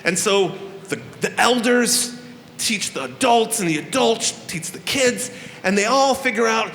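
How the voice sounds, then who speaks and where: High, bright-voiced playful stage host. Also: male voice, animated, unhurried, slight background noise. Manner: playful, profane, theatrical. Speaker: stage host opening a live festival. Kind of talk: live stage address to an audience. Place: live venue hall. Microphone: handheld microphone. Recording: echoey hall with faint room ambience.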